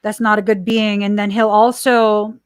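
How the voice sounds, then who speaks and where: A woman hosting a spiritual podcast, speaking slowly and earnestly and repeating her warnings. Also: medium pitch, little pitch movement, smooth, no echo. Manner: slow, earnest and warning, with repetitions. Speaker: podcast host. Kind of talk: spiritual channeling chat.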